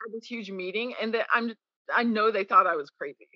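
Brisk and mid-range, this woman's voice is captured muffled with no room sound. Interviewed on a podcast, she relays open, lively anecdotes and performs the lines of the people in them.

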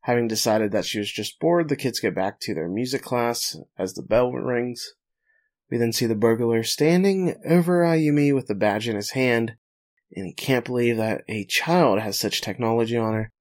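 A man's voice: medium pitch, normal speed, a little mellow. A man recapping an anime episode for a podcast, joking and laughing between plot summaries. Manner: narrates plot, then jokes and laughs. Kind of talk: casual recap chat.

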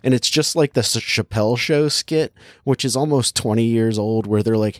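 A man's voice: mid-range voice, fairly even intonation, a little fast, hardly any pauses, no room sound, studio quality. A young man casually chatting and reviewing a movie, rambling with lots of filler words and laughing easily. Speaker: podcast co-host reviewing a movie. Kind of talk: casual chat.

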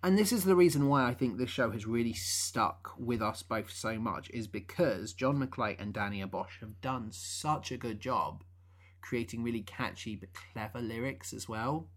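A man's voice: medium pitch, moderate pace. A man co-hosting a podcast, chatting enthusiastically about a musical. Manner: enthusiastic, bursts into sung quotes. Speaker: podcast co-host. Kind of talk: casual chat reviewing a musical.

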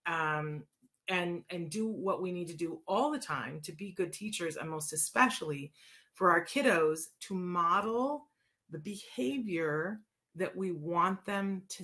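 Chatty, lowish-voiced woman host. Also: pushed and bright. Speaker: show host answering listener questions. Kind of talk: casual monologue and listener Q&A.

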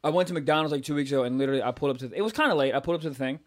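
Young man, comedy podcast co-host, slightly high voice, profane, storytelling. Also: rapid-fire. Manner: profane, storytelling, loud acted outbursts. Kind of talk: casual chat.

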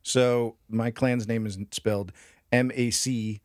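A man's voice: mid-range voice, little pitch movement, slow, a little mellow, no room sound, studio quality. A man co-hosting a casual history podcast, joking and swearing as he explains. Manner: profane, jokey, laughs often. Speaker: podcast co-host.

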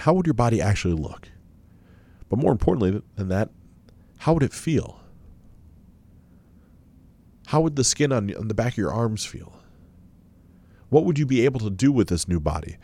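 A man's voice: fairly low pitch, dark tone. A man giving a self-help talk and leading listeners through a guided visualization, coaching them with many questions.

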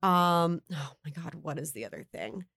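A chatty, candid woman with a slightly low voice talks through a relaxed interview. Her delivery is casual and full of fillers, and she sounds close to the mic in a dry, dead room. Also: normal speed, creaky, no room sound. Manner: chatty, candid, uses "like" a lot. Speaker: beauty writer and guest.

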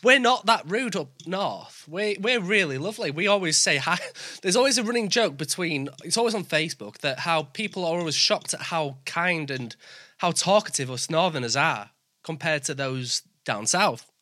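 A podcast host with a Northern English accent talks with a bright, sharp voice that swoops around a lot. The speech is eager and tumbles over itself in quick restarts. The sound is close and dry with no room around it. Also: mid-range voice, expressive, no room sound. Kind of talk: casual interview chat.

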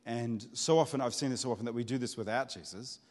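A man's voice: medium pitch, quick pace. Earnest man preaching in a reverberant hall. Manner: earnest, conversational, repeats words as he builds a point. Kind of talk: sermon.

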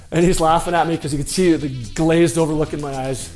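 A man recounts an anecdote from his playing days, his voice sitting a little high. He tells it in a lively, self-deprecating way. Faint music plays underneath. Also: fast talker, hardly any pauses. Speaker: former pro hockey player telling a story. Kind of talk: personal anecdote storytelling.

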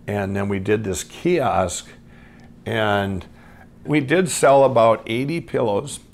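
A middle-aged man from Minnesota telling his own life story off the cuff, rambling with many restarts and swinging between excited and hushed. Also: lowish voice, takes it slowly, gravelly. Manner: rambling, full of restarts and "I'm going". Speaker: guest storyteller. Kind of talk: unscripted personal storytelling.

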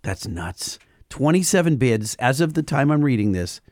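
A man co-hosting a casual podcast, talking in an excitable, exclamatory way. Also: medium pitch, normal speed, no room sound. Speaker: podcast co-host. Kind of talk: casual chat.

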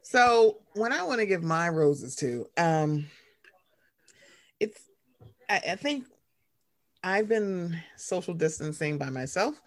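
A young woman co-hosting a podcast in casual chat. She rambles, reads a story aloud, and does high-pitched impressions of her mother. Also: very animated, takes it slowly, long pauses. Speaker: podcast co-host.

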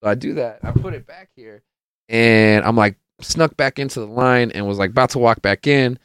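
A man hosts his own podcast in a casual storytelling monologue. His voice is smooth and resonant and sits at an ordinary middle pitch. The sound is dry and close, and he rambles, swears and laughs while acting out the quotes. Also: moderate pace, a bit bright, no room sound. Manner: rambling, profane, laughs often, acts out quotes. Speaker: podcast host.

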